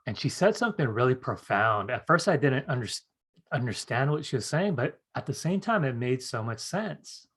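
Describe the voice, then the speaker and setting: Middle-aged male workshop teacher, lively storyteller, medium pitch. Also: normal speed, slightly rough. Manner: animated storyteller acting out quoted voices. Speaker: psychic development teacher.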